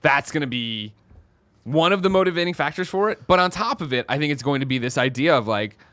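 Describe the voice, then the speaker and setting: Guy hosting a podcast, talks quick and rambly, dry close mic sound. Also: on the high side, no room sound. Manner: rambling, animated storytelling. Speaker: podcast host. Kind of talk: casual chat.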